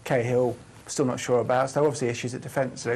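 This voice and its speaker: Gravelly guy on the panel, plain steady tone, faint hiss. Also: medium pitch, fast talker. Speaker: panel guest. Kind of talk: casual football chat.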